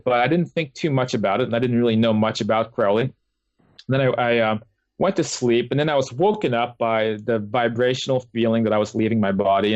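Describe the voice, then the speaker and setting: A man with a medium-pitched voice and no echo speaks as a guest author in a casual interview, recounting his experiences. He rambles, full of fillers and restarts, over dull, lo-fi, dry call audio.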